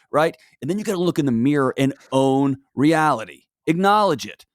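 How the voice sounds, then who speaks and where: A middle-aged man, a guest on a podcast, talking in a lively, casual way that swings from loud to quiet. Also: fairly quick, few pauses, dry recording, clean studio sound. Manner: animated, big swings in pitch and loudness, acts out voices. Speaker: podcast guest, mental health author. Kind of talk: casual conversational interview.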